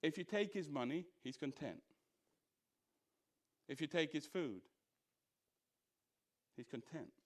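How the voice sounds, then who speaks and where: A pastor leads a church Bible study with a somewhat high male voice. He is animated and fires off rhetorical questions. He briefly acts out the voices of scoffers. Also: slow, long pauses.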